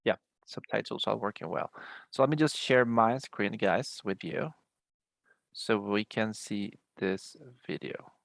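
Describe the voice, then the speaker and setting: Male teacher, gravelly voice, dry close sound, lecturing students over a video call. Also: lowish voice, a little slow, no room sound. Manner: repeats words, frequent "right?" checks. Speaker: English teacher. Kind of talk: online class explanation.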